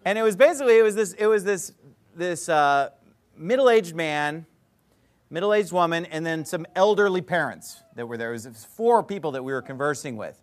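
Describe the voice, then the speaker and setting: High-voiced man preaching with emphatic storytelling. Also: expressive, moderate pace. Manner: emphatic storytelling, swinging from loud outbursts to quiet asides. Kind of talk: sermon.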